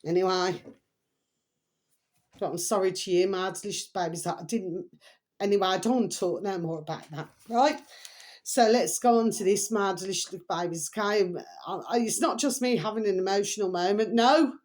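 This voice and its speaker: A woman's voice: medium pitch, normal speed, darkish tone. A middle-aged woman rambling in a casual, emotional monologue to her viewers, full of repeated pet phrases. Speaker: vlogger.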